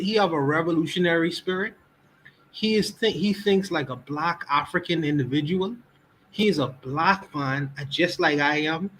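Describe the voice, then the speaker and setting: Bahamian man on a podcast livestream, high voice, forceful and repetitive. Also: a little hiss or hum, poor audio. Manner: emphatic, repeats key words for stress.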